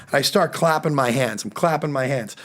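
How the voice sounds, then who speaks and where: A man's voice: mid-range voice, brisk. A man telling a comedic story in casual podcast chat, swearing freely and acting out the people in it. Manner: animated, swears freely, acts out quoted people.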